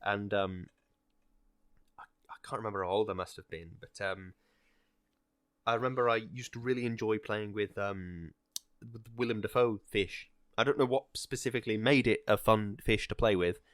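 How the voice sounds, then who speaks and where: A man's voice: fairly low pitch, moderate pace, fairly bright tone, no echo. A man co-hosting a podcast, chatting casually in a rambling, hesitant way with many fillers. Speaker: podcast co-host. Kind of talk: casual chat.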